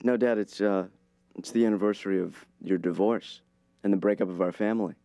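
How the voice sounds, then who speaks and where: Hesitant man with a low voice. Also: fairly quick, gravelly, no room sound. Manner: awkward, hesitant, deadpan sarcasm. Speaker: adult son talking to his father.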